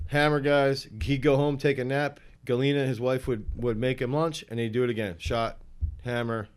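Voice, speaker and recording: A man who coaches throwers, talking in a rambling, animated way in a relaxed podcast interview. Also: mid-range voice, moderate pace, clear, resonant tone.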